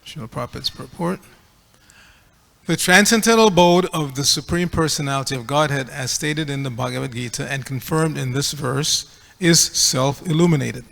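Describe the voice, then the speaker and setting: A man's voice: mid-range voice, normal speed, gravelly, fairly bright tone, big-room sound. A man giving a scripture class, reading aloud and correcting pronunciation in a teacherly way. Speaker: class speaker. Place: temple hall.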